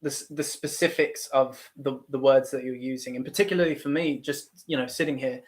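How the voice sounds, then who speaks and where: A man's voice: medium pitch, fairly even intonation, brisk. A young man with a Midwestern American accent, hosting a casual livestream chat and talking things through with many restarts. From Ohio, United States. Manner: thoughtful, rambling with many restarts. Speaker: YouTube livestream host.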